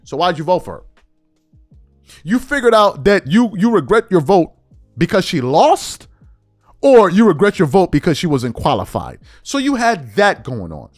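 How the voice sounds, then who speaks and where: A man's voice: high voice, sing-song, normal speed, no room sound, faint music behind. A middle-aged man hosting a political commentary monologue, incredulous and full of rhetorical questions.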